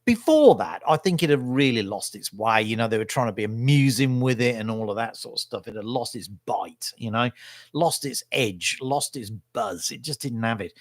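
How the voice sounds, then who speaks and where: A man's voice: mid-range voice, lively intonation, moderate pace, no echo, studio quality. A middle-aged man, talking in a casual, rambling monologue as a vlogger, blunt in his opinions and often tagging his sentences with "right?". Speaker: vlogger and local newspaper photographer.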